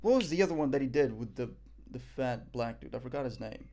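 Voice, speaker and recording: A man's voice: medium pitch, lively intonation, brisk, dark tone. A man streaming live, reacting in casual chat; cocky, joking, profane and rambling.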